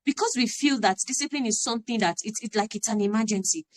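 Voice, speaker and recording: A woman's voice: on the high side, quick pace, hardly any pauses. A woman, giving an earnest, emphatic parenting talk on a live stream and repeating her key phrases. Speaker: parenting coach.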